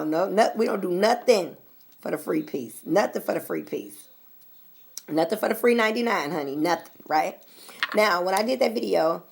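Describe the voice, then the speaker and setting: A woman's voice: lowish voice, gravelly. An American woman vlogger talking straight to her viewers, blunt and sassy, swearing freely. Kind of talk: casual straight-talk vlog.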